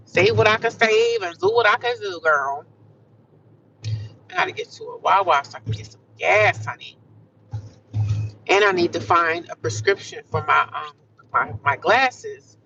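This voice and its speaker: A woman's voice: fairly low pitch, very animated, a little slow, vocal fry, pushed and bright, distant mic, highs cut off, a little hiss or hum. Chatty woman vlogging from her car. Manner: chatty, upbeat, speaks in affirmations, says "honey" and "child". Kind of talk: casual chat. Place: car while driving.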